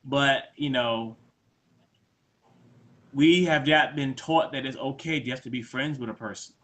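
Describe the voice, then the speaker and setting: Relaxed male co-host, bright open tone, thoughtful chat. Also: mid-range voice, unhurried. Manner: laid-back, reflective, acts out quoted lines. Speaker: podcast co-host. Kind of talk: casual conversation.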